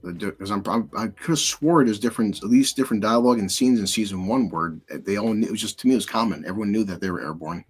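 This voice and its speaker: A man on a casual live discussion panel, talking in a quick, rambling way while checking episodes. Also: on the low side, slightly rough. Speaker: panel guest.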